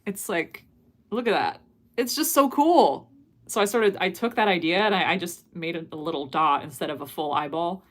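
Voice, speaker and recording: A woman with a slightly lower-than-average voice chatting on a livestream. She is bubbly and giggly, and she reads her viewers' questions aloud before answering them in a relaxed, casual way. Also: brisk. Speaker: animator streaming live and answering chat.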